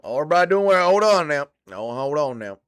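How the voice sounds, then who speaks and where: A man doing a pumped-up Southern corner man, high and loud, drawling "now" and "boy" between orders. The voice jumps around a lot, yelling encouragement at a fighter against the cage. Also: big pitch swings, moderate pace, clean tone, faint music behind. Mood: hyped. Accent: Southern US, put on.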